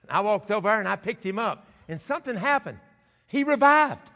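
A man preaching a sermon, telling a story and acting out the scenes with shouts and laughter, recorded in a church sanctuary. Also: high voice, animated, fairly quick, slight background noise. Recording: church hall with long reverb.

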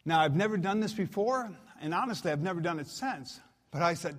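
Man, guest preacher, conversational sermon, folksy storytelling, slightly high voice, long church echo. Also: lively intonation, a little fast. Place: church auditorium.

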